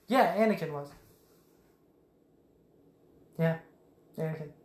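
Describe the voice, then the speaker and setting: A podcast co-host with a slightly high, brisk voice recaps a movie in a rambling, profane, casual way. The recording has the echo of a room.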